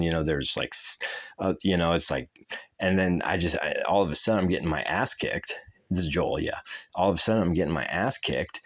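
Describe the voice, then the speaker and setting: Very deep-voiced man rambling. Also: fairly bright tone, breathy edge. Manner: rambling, profane, laughs mid-sentence. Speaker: podcast host. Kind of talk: casual rambling monologue.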